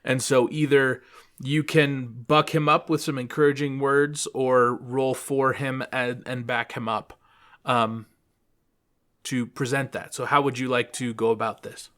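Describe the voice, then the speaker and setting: Man, mid pitch, calm, measured, game master narrating a tabletop role-play.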